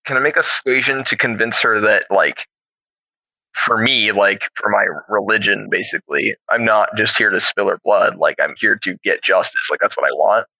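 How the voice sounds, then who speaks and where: A young man playing a tabletop game, chatting casually and thinking out loud with hesitant restarts. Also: fairly low pitch, moderate pace, creaky, no room sound. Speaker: player. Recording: dull, dry lo-fi sound.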